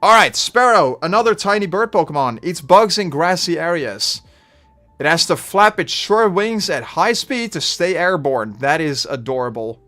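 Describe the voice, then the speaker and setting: A man with a Dutch accent chatting through a live game stream, rambling and getting loudly frustrated at times. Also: fairly high pitch, lively intonation, normal speed, soft background music. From Netherlands. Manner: chatty, bursts of frustration, trailing off.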